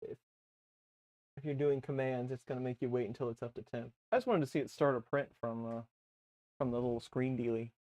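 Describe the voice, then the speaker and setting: A man's voice: mid-range voice, fairly quick. A man co-hosting a casual live stream, talking easily while fiddling with a gadget. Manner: relaxed, tinkering while talking. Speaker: co-host.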